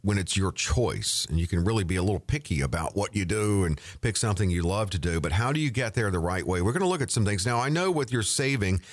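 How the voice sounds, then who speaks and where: Male radio host, animated lively pitch, promotional, dry close studio sound. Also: fast, few pauses, dry recording. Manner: lively, promotional, reads phone numbers. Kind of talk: radio talk show hosting.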